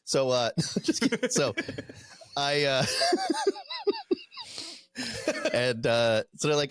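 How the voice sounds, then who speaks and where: A man's voice: mid-range voice, sing-song, slow, long pauses, fairly bright tone, clean tone, no echo. A man co-hosting a podcast who tells rambling, profane stories and laughs through them. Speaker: podcast co-host, youth football coach. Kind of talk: casual chat, storytelling.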